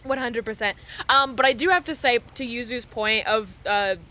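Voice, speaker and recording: A young woman streamer chatting casually with her viewers, animated, laughing often and swearing freely. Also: on the high side, normal speed.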